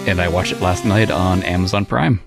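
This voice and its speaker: A man hosting an interview, relaxed, giving short reactions and asking follow-up questions. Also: sits low, a little fast, gravelly, over loud music. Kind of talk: casual interview chat.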